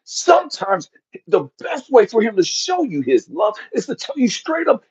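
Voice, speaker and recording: A middle-aged man giving a blunt, profane motivational talk, animated and jumping to shouts for emphasis. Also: extremely high pitch, normal speed, slightly rough, lo-fi sound. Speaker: motivational speaker.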